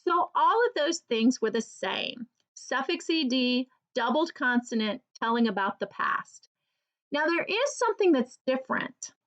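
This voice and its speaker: A woman teacher giving an early reading lesson for children, slowly and clearly sounding out each word. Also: a little high.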